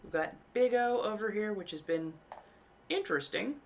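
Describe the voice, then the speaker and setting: A woman's voice: medium pitch, expressive, normal speed, slight background noise. A woman hosting a live stream in casual chat, rambling easily and enunciating carefully around costume fangs. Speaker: livestream host.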